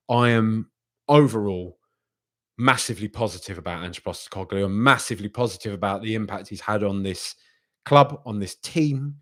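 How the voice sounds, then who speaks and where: A young man hosting a live football reaction stream and reading out viewer comments in a chatty, animated way, often repeating himself. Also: mid-range voice. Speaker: football podcast host.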